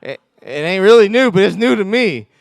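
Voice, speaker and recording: A man giving a conversational sermon as pastor, telling stories with self-mocking humor and quick laughs. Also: sits high, big pitch swings, vocal fry, no echo, clean studio sound.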